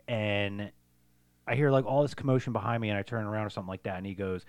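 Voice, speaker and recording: A man's voice: lowish voice, fairly even intonation, fast, clear, resonant tone, no echo. A man, a podcast co-host telling a long childhood story in a rambling, profane way. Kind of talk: casual storytelling chat.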